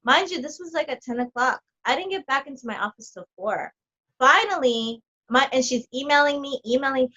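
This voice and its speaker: A chatty woman tells stories in an animated rush, leaning on fillers as she goes. Her voice is bright and fairly high. The recording is muffled and lo-fi. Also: brisk. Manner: animated storyteller, heavy on fillers. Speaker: podcast guest, coaching client. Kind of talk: casual chat.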